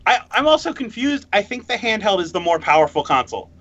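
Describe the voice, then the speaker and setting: A man co-hosting a podcast in casual chat, rambling and excitable, laughing often. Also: high-pitched, fast talker, muffled recording. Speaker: podcast co-host.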